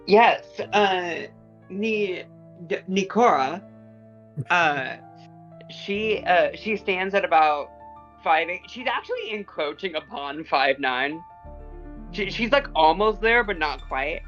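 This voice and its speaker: A woman's voice: lowish voice, expressive, slow pace, fairly bright tone, muffled recording, soft background music. A woman playing a tabletop game, describing her character hesitantly with many fillers. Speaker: player.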